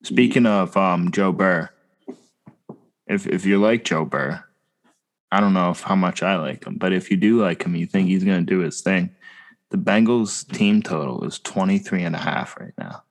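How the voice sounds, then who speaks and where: A young man talks sports with a friend in a loose podcast chat. His voice sits on the low side. He is animated and slangy and often talks over his co-host. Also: moderate pace.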